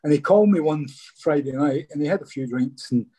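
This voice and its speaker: A man's voice: on the high side, a little fast, warm tone, breathy edge. A Scottish man, a former footballer, telling stories casually in an interview and often saying "mate". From Scotland. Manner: chatty, says "mate" a lot.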